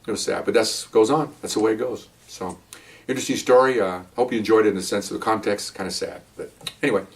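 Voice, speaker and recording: Older man, retired cop storyteller, deep voice, rambling and halting, choked up, recorded from a distance. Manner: rambling, halting, self-correcting. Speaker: retired police officer telling stories. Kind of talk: casual storytelling monologue.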